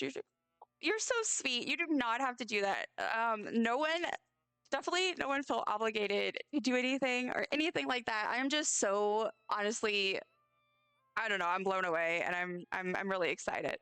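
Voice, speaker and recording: A woman's voice: medium pitch, fairly bright tone. A young woman streaming a game, chatting casually and rambling effusively, often stumbling over her words. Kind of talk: casual live-stream chat. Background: faint game music.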